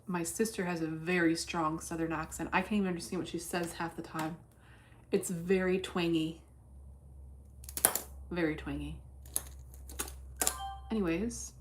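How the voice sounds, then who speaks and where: A woman's voice: on the low side, a little hiss or hum. A woman streaming her day trading in casual chat, blunt and cursing freely as she thinks aloud. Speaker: livestreamer trading stocks.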